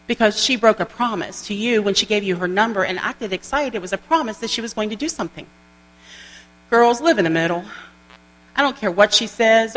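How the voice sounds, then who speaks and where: A woman giving an animated, folksy motivational training talk to a group. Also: mid-range voice. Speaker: sales trainer. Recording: long hall reverb with mains hum.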